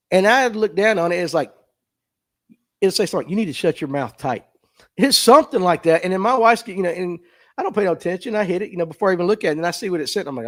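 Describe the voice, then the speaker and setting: A man with a Southern US accent, chatting and joking through a fishing livestream. His voice sits a bit high for a man, and he answers viewer comments in a folksy, self-mocking way. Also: lively intonation, quick pace. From Southern United States. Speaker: livestream podcast host. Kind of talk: casual livestream chat reading viewer comments. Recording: phone mic.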